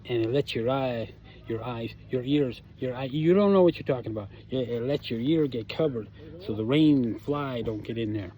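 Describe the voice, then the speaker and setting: A man putting on a deliberately bad Australian accent as a jokey outback bushman, rambling and tripping over his words. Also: medium pitch, warm tone, natural voice. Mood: hammy. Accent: put-on Australian.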